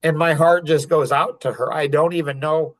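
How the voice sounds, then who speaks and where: A middle-aged man talking on a podcast with a somewhat high voice. He speaks with raw intensity and often climbs into angry, emphatic outbursts. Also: steady tone, moderate pace, a bit bright. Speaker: podcast guest sharing his story. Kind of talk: emotional podcast conversation.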